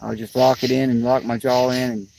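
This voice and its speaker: A man's voice: mid-range voice, level tone, a little fast, vocal fry. A sleepy, yawning man rambling to his livestream viewers outdoors on a riverbank, in a drawling, plainspoken way. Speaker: fishing livestreamer. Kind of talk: rambling casual chat to viewers. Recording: outdoor clip with loud insect noise.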